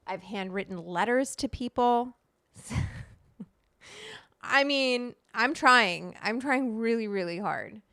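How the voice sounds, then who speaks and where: A woman's voice: fairly high pitch, animated, takes it slowly, pauses often, sharp tone, no echo, clean studio sound. A woman hosting a livestream, chatting casually, greeting viewers by name and swearing freely. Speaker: livestream host.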